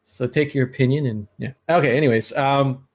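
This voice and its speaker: A man's voice: medium pitch, fairly even intonation, brisk. A man hosting a podcast, chatting casually and giving his blunt, rambling opinions. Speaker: podcast host. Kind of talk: casual chat.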